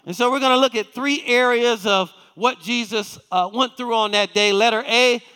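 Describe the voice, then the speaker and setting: A man's voice: very high-pitched, pushed and bright, clean tone, long reverb tail. A male pastor preaching a sermon, reading scripture and asking the congregation questions. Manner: reads scripture aloud with emphatic, slowed quotes. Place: church sanctuary.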